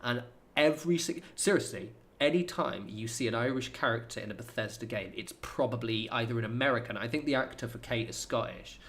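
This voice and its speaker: A man's voice: medium pitch, brisk, fairly bright tone. Rambling, sweary streamer guy. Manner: rambling, sweary, lots of fillers. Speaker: gaming streamer. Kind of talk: casual chat while playing.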